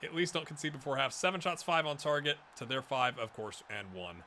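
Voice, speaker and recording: A man's voice: mid-range voice, a little fast, sharp tone, slight background noise. A man casually commenting on his own football management game, chatty and self-mocking, urging his players on. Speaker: gaming YouTuber.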